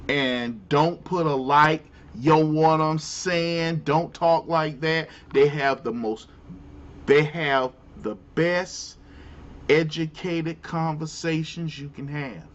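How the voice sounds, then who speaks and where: A man's voice: a little high, takes it slowly, lo-fi sound. A man hosting his own show, ranting in casual commentary with incredulous, exclamatory outbursts. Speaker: show host.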